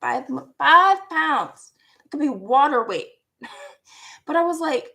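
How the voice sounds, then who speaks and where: A young woman speaks slowly and unhurriedly, her voice full of gravelly fry and sitting a little higher than most. She tells a personal story in a candid, rambling way, swearing and laughing as she goes. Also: lively intonation, fairly bright tone. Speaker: vlogger.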